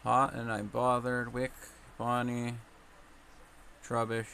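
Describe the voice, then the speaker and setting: Sorting trading cards live on stream, a young man talks to himself in an anxious, mumbly way. His medium-pitched voice is monotone, slow, creaky and bright, with a forceful tone, over slight background noise.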